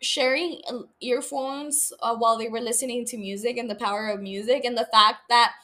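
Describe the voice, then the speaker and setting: A woman's voice: a little high, fairly even intonation, normal speed, sharp tone. A young woman hosting a podcast, chatting casually about a TV show. She rambles, laughs often and swears freely. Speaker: podcast host. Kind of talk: casual TV recap chat.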